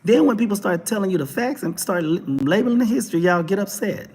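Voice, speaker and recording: A Texan man hosting a talk show, delivering an animated, preachy monologue with mocking asides. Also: high-pitched, quick pace, husky, long reverb tail. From Texas. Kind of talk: opinionated monologue.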